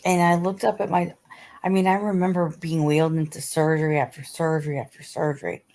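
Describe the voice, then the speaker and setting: A middle-aged woman chats on her live stream in a low, easygoing voice. She talks in loose, repetitive bursts and answers viewers by name. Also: level tone, a little fast, a little mellow. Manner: chatty, repeats herself, reads out viewer comments. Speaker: livestream host. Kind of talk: casual live-stream chat.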